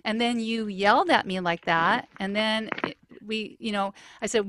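A woman's voice: mid-range voice, measured pace, few pauses. A woman teacher chatting on a podcast, telling classroom stories and acting out what was said. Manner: storytelling, animated, acts out quotes. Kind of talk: casual podcast chat.

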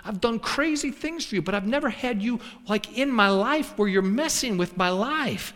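Guy preaching, kinda high voice, animated storyteller, reverb from a big hall. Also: moderate pace. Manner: animated, folksy storytelling with acted quotes. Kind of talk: storytelling sermon.

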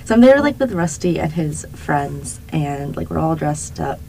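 A woman's voice: deep voice, normal speed, vocal fry, a little hiss or hum, low-quality recording. Chatty young woman telling a story. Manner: animated, laughing, many fillers. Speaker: podcast co-host. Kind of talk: casual storytelling chat.

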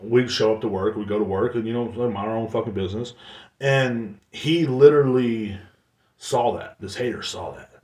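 A man's voice: on the low side, normal speed, darkish tone. Profane rambling man, roomy distant sound. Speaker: podcast host. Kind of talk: casual storytelling.

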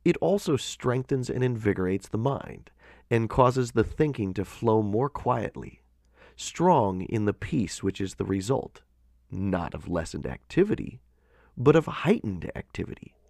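A man narrating a devotional audiobook in a measured, expressive way with earnest emphasis. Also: fairly low pitch, vocal fry, no room sound, clean studio sound.

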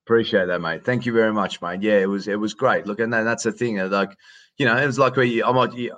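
This is an Australian man with a lowish voice, talking casually as a podcast guest. He rambles, repeats himself and keeps saying mate. The sound is close and dry. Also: fast, fairly bright tone, dry recording, dull audio. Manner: rambling, repeats words, says mate often. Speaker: stadium announcer, guest. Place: hotel quarantine room.

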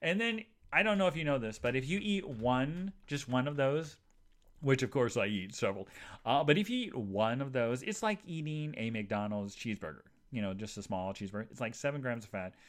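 Rambling animated male podcast host. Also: fairly quick. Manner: rambling and animated, jumps to high voices for quoted people; chatty asides to listeners, many fillers. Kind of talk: casual monologue storytelling.

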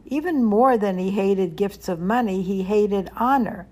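A woman reading a children's story aloud, gentle and expressive. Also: mid-range voice, unhurried.

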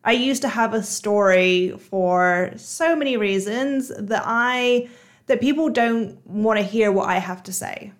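A woman with a Bristol accent, hosting her own podcast as a hypnotherapist and coach, talking casually with many fillers. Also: mid-range voice. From Bristol, England. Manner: chatty, frequent "you know" and "like" fillers. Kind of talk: solo podcast monologue.

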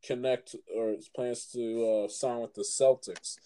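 A man hosting a casual sports chat, halting and repeating words as he asks his guest for opinions. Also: mid-range voice, steady tone, mellow, low-quality recording. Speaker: host.

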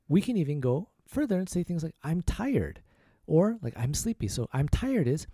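A man hosting a casual spoken language lesson, saying each phrase slowly and repeating it several times. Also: a little high, sing-song, dark tone, no room sound, clean studio sound. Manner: slow, repeated demonstration of phrases. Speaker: language teacher, podcast host.

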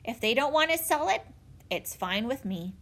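A woman reading aloud voices a calm, kindly grandfather who speaks gently and evenly. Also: on the high side, normal speed, pitched above the performer's own voice.

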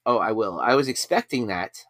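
A man hosts a podcast in loose, rambling chat, often poking fun at himself. His voice is bright and forward. The recording is dry and close, with no room sound. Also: fairly low pitch, expressive, moderate pace, no echo. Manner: rambling, self-deprecating. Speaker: podcast host. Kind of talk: casual chat.

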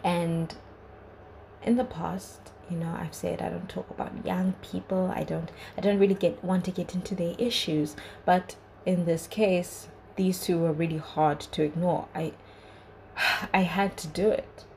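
A woman's voice: lowish voice, flat delivery, a little slow, vocal fry, a little mellow, slight background noise, low-quality recording. A young woman hosting a podcast, giving an earnest, chatty solo review full of "like" and "you know". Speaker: podcast host.

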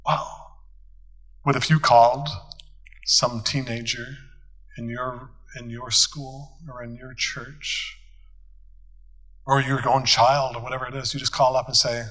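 A man's voice: medium pitch, flat delivery, measured pace, long pauses, fairly bright tone, poor audio. A man, a pastor, teaching a church conference group in a folksy, storytelling way, acting out bits of dialogue. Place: conference hall.

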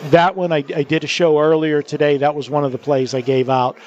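A man's voice: a little high, flat delivery, a little fast, a little mellow, highs cut off, a little hiss or hum. A man hosting a sports betting talk show, chatting casually, laughing often and restarting sentences.

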